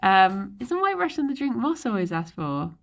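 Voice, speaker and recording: A woman's voice: medium pitch, big pitch swings, normal speed. A young woman streaming live, chatting casually and rambling, laughing often as she goes. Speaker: livestreamer. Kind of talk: casual chat.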